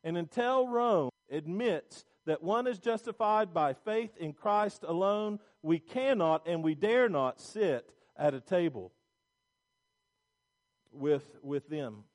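A man's voice: high voice, expressive, slow, darkish tone. A middle-aged male pastor preaching a sermon, emphatic and repetitive, with restarts.

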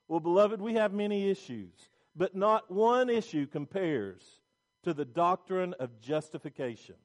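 Emphatic high-voiced male preacher. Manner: emphatic preaching with repetitions and restarts. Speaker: pastor. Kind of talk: sermon.

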